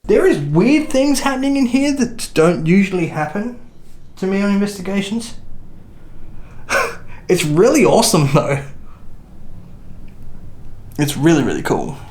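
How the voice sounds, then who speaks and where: Man, ghost hunt host, speaks to spirits politely, slightly higher voice. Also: big pitch swings, unhurried, pauses often, darkish tone. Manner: polite, earnest, chatty asides. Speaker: paranormal investigator host. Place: old jail cell at night.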